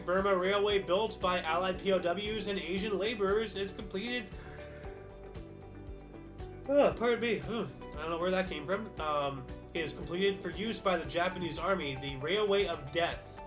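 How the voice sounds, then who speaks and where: A man hosting a casual history stream, reading dates aloud and then musing to himself in loose, rambling asides. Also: high voice. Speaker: history show host. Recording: faint background music.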